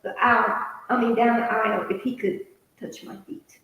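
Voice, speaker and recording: A middle-aged woman co-hosting a casual chat, telling a story in an animated way and laughing often. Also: on the high side, moderate pace, gravelly. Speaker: podcast co-host. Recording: very echoey room with long reverb.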